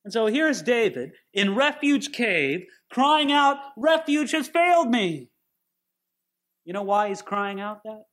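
A man's voice: high-pitched, lively intonation, measured pace, few pauses, fairly bright tone. A man giving a sermon-style Bible teaching, earnest and putting questions straight to his listeners.

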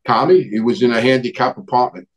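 A man's voice: medium pitch, fast talker, low-quality recording. A middle-aged man, telling old neighborhood stories in a rambling way, restarting sentences and searching for names. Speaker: guest recounting family history. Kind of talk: casual storytelling conversation.

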